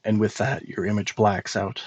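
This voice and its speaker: Husky-voiced man narrating as game master. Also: lowish voice, fairly even intonation, no echo. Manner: measured descriptive narration.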